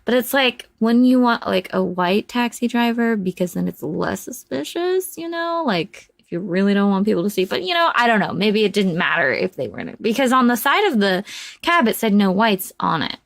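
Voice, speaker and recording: A woman giving a casual spoken movie review, rambling and chatty with many fillers, animated as she retells scenes. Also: medium pitch, normal speed, creaky, dry recording.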